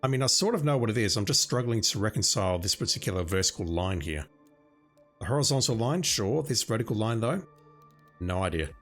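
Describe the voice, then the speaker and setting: A man streaming a video game, hoarse and losing his voice, planning his moves aloud as he plays. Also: on the low side, lively intonation, a little fast, a bit bright, soft background music. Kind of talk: gaming commentary.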